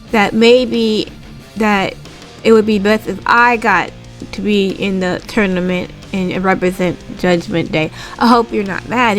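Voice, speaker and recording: A woman casually recapping a wrestling show, retelling scenes with quick impressions and swearing freely. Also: fairly high pitch. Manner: animated, swears casually, laughs.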